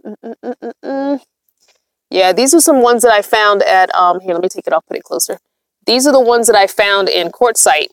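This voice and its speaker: A woman's voice: mid-range voice, moderate pace, dry recording. Chatty woman on a dry livestream. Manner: chatty, laughs often, reads comments aloud. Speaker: van-dwelling vlogger reading live chat. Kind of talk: casual livestream chat. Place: inside her van.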